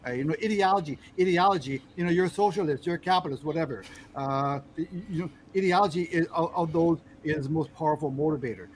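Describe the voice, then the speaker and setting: A man with a fairly high voice hosts a casual podcast. He talks haltingly, doubling back on his words. A faint noise sits behind him. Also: low-quality recording. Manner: halting, repeats words and restarts. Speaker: podcast host.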